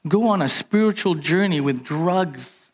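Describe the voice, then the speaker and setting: A man preaching a sermon as pastor, animated and emphatic, jumping up in pitch on his key points. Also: unhurried, slightly rough.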